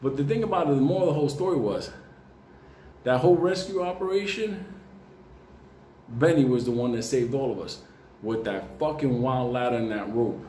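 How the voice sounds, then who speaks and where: A man's voice: mid-range voice, moderate pace, long pauses, warm tone. A man telling a rambling personal story in a casual, heavily profane way, often breaking into laughter. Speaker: market commentator telling a story. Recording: echoey room, faint ambient noise.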